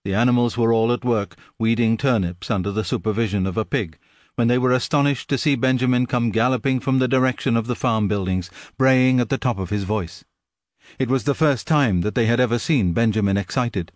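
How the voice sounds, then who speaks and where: A man reading a story aloud in steady, measured audiobook narration. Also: mid-range voice, no room sound, clean studio sound. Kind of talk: scripted narration.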